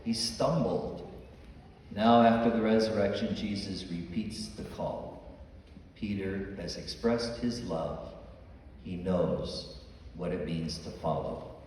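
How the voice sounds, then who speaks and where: Priest preaching in an echoey church. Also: male voice, low voice, slow, darkish tone, a little hiss or hum. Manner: storytelling, acting out dialogue. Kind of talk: sermon. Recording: echoey church hall from far off.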